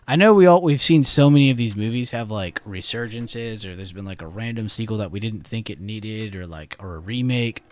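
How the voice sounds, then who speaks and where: A man's voice: lowish voice, dry recording. A young man hosting a livestream, chatting casually and laughing easily in a laid-back, slangy way. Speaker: trading livestream host.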